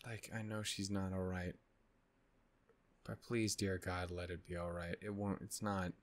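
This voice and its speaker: This anime reaction host speaks in a deep, unhurried voice that barely moves in pitch. He sounds worn out and annoyed, yawning through a rambling, profanity-laced vlog chat full of false starts.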